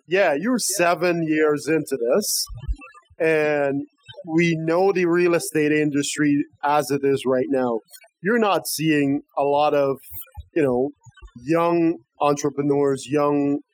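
A man co-hosts an interview in a relaxed, joking way and asks long, winding questions. His voice is slightly high for a man. Faint noise sits behind him. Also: takes it slowly, rough recording. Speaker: co-host. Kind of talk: casual interview chat.

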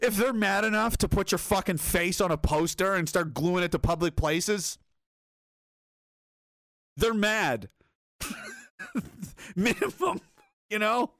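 A man's voice: high-pitched, wildly swooping pitch, slow pace, pauses often, fairly bright tone, no room sound. Rambling man, dry sound. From North America. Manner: rambling, profane, frequent chuckles and restarts. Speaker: streamer reading chat. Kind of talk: casual commentary.

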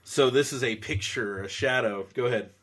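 A man co-hosting a casual Bible discussion podcast, lively and joking, acting out quoted lines. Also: medium pitch, moderate pace. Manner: animated, jokey, acts out quotes. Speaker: podcast co-host.

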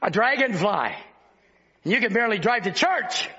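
A man preaching a sermon with fervor, breaking into shouts and then dropping low to talk with the congregation. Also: big pitch swings, moderate pace, slightly rough, lo-fi sound.

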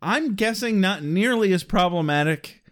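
A man's voice: sits high, expressive, moderate pace, a bit bright. A man co-hosting a casual chat, telling stories and laughing at his own jokes. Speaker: podcast co-host.

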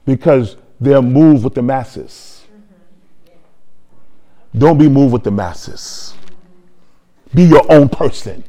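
A man preaching a sermon, telling a story quietly and then building to loud, shouted praise. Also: medium pitch, expressive, slow pace, gravelly, pauses often. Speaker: pastor.

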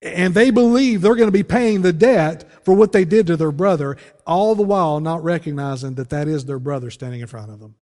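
Male pastor preaching, earnest, kinda high voice, reverby hall sound. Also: brisk, hardly any pauses. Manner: earnest preaching, voice drops low and soft on key phrases. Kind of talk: sermon.

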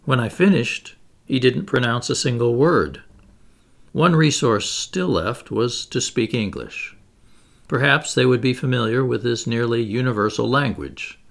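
A man narrates an audiobook in measured, expressive tones. His voice has a gravelly edge and swings through a wide pitch range.

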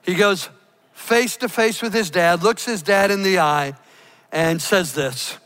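A man preaching a sermon, emphatic, slowing down to stress key words. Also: high-pitched, fairly bright tone, smooth. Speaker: pastor. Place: church.

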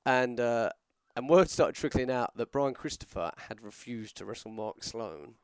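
A man in a relaxed podcast chat who tells long, wandering stories and slips into lively voices when he quotes other people. His voice sits at a middling pitch. The recording is dry and close, with no room sound. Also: normal speed, clean tone, no echo. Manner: rambling storyteller, animated when quoting others. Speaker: podcast co-host, wrestler. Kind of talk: casual chat.

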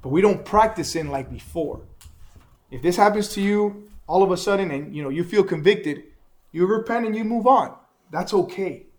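High-voiced man teaching a Bible class. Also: moderate pace. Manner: animated, asks the class questions.

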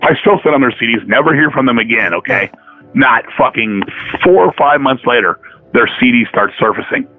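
A man telling stories in a casual chat, profane and animated, acting out the dialogue of the people he quotes. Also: medium pitch, a little fast, soft background music. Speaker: podcast guest, metal musician. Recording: tinny phone-line audio.

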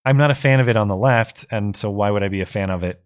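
A man's voice: fairly low pitch, quick pace. A man co-hosts a casual talk show, his voice tired and going. He reads out viewer messages and comments on them, stumbling and restarting as he thinks aloud. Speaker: co-host.

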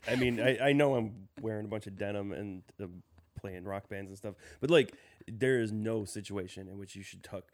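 A man's voice: on the low side, moderate pace. A man co-hosting a casual podcast chat, hesitant and often repeating his words.

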